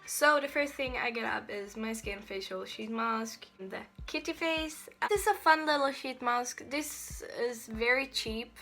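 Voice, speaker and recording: A woman's voice: a little high, a little slow, hardly any pauses, sharp tone, faint music behind. A young woman with a Swedish accent, chatting casually through a review of used-up beauty products and often restarting her sentences. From Sweden. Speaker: beauty vlogger.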